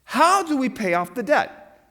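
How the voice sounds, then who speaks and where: A man's voice: big pitch swings, a little slow, bright, forceful tone, full character voice. A man doing a whiny, fretful Charlie Brown. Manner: high, whiny pleading questions. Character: fretful boy in debt, pleading. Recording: long hall reverb.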